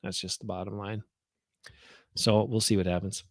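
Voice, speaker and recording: A man's voice: lowish voice, fairly even intonation, moderate pace, pauses often, no room sound, clean studio sound. A man co-hosting a casual sports chat, blunt and opinionated, rambling through his points. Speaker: podcast co-host.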